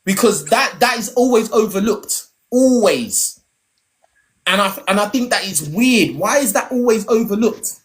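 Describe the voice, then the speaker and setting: A man's voice: high voice, animated, measured pace, fairly bright tone. A man hosting a live online debate, talking in slang and often repeating words. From Nigerian heritage, raised in London. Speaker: debate host.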